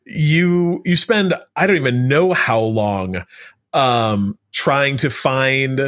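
A man's voice: medium pitch, slow, a bit bright. A man co-hosting a casual chat, rambling with many restarts and fillers. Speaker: podcast co-host.

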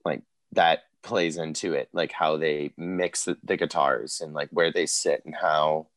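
A man's voice: a bass voice, steady tone, a little slow, fairly bright tone, no echo. A man in a casual music podcast chat, rambling and full of filler words as he talks about guitar playing.

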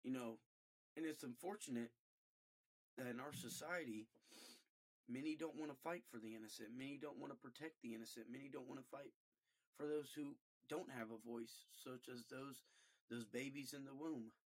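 A man giving an emotional personal monologue, earnest and halting, repeating himself and pausing between short phrases. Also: medium pitch. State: emotional, voice breaking at times.

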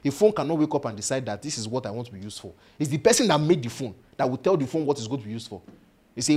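A man preaching a sermon, playfully mimicking doubters and putting questions to his listeners. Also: medium pitch. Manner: animated, mimics doubters in playful voices, asks the audience questions.

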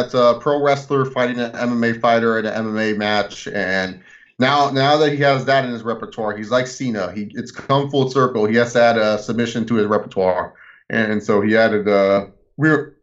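A man co-hosting a casual wrestling podcast, rambling excitedly through recaps and laughing often. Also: fairly low pitch, dull audio. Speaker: podcast co-host.

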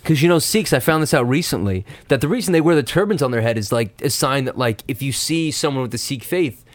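Young man telling animated stories. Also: mid-range voice, fast talker, no room sound. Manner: animated storytelling with quoted voices and laughter. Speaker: podcast co-host. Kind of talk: casual chat.

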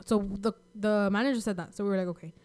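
A young woman telling a rambling, animated story in casual chat. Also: mid-range voice, very fast, clear, resonant tone. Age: young adult.

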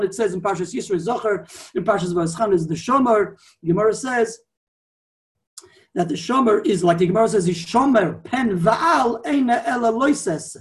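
A man gives a Torah class, explaining his points at length and wandering into asides. His voice sits high for a man. He sounds set back from the microphone. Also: distant mic. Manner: explanatory, digressive, repeats himself. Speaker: Torah teacher.

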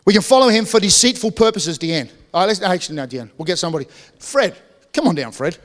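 A man's voice: sits high, animated, fast talker, big-room sound. A man preaching a sermon in a church, talking conversationally, joking with the congregation, and often restarting his sentences. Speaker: pastor.

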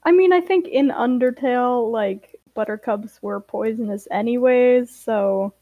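A woman's voice: a little high, a little slow, no room sound, phone-quality sound. A woman co-hosting a podcast, reading a story aloud and chatting, giggly and teasing. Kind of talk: casual story reading and chat.

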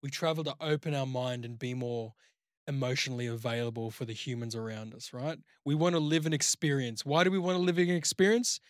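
A man's voice: mid-range voice, a little fast, dry recording, clean studio sound. A man with an Australian accent, co-hosting a podcast and telling a long, crude story full of swearing and "like". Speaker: podcast co-host. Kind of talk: casual chat, rambling anecdote.

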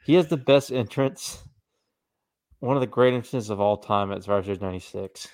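A man's voice: lowish voice, fairly quick, darkish tone. A man co-hosting a podcast in casual chat, rambling with lots of "like" and restarts. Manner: rambling, many likes and restarts. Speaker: podcast co-host.

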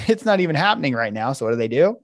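A middle-aged man talks through parenting tools with a lively, swinging pitch, and his voice sits close and dry on the mic. He often slips into short acted lines as a parent or a child. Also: very fast, no echo. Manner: animated, acts out parents and kids in quoted voices. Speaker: parenting coach guest. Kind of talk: podcast interview explaining parenting techniques.

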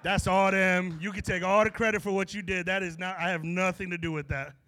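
A man's voice: high-pitched, steady tone, brisk, sharp tone. A preacher voicing an exasperated teacher who talks in slang and scolds his followers in disbelief. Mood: dismissive. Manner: incredulous, slangy.

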